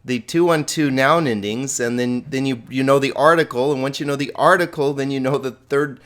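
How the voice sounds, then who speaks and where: Man, grammar teacher, mid-pitched voice, patient, explanatory, restarts sentences. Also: a little fast, fairly bright tone. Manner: patient, repeats and restarts words while explaining; holds a cat while teaching. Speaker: Greek teacher. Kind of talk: recorded grammar lesson.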